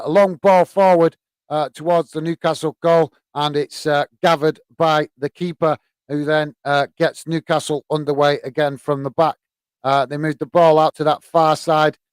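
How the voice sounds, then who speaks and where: Man, relaxed live football commentary. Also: a little high, dry recording. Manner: hesitant, many fillers, friendly. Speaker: host. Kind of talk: live match commentary and chat.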